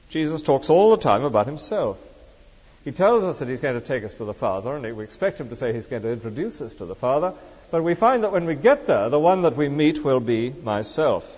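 A male preacher delivers an emphatic sermon, his slightly high voice rising and falling in a very lively way. He presses the congregation with rhetorical questions. The recording is dull and lo-fi, with a long hall reverb trailing behind him. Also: husky.

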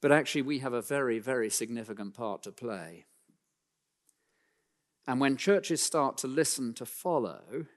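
A man preaching a sermon, speaking emphatically and slowing down to read scripture aloud, in a church. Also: mid-range voice. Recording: long hall reverb.

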